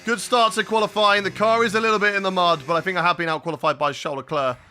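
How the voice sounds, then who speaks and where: A young man with a high, bright voice livestreams a racing game, talking straight to chat while he calls each corner. Faint engine noise from the game hums under his voice. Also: steady tone, very fast. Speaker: streamer. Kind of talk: live gameplay commentary.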